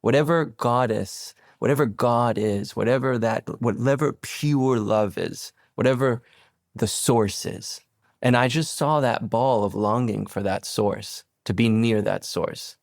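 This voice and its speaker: A man in his forties from Venezuela talks as a podcast guest, his voice carrying a gravelly fry under a close, dry sound. He circles his point, restarting and repeating words, then leaps high in pitch when he acts out what people said. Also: measured pace, no room sound. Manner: rambling, with many restarts and stammered repeats; slips into animated quoted voices and sudden high pitch leaps. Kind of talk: reflective conversational storytelling.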